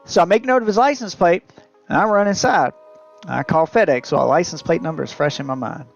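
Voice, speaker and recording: A man's voice: on the high side, brisk, vocal fry, highs cut off, faint music behind. A man streaming live, telling a long, exasperated story in a casual, profane way.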